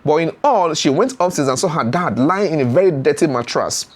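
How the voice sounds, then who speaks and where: A man's voice: a little high, a little fast. A man, retelling a story as a YouTube commentator with many fillers and acted-out voices. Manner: animated retelling with frequent fillers, acts out voices.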